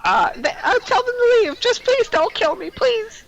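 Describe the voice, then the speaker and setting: A man voicing a frightened male goblin leader who pleads in a squeaky, high-pitched voice. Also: big pitch swings, moderate pace, fairly bright tone, exaggerated voice. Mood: pleading. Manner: pleading, whiny.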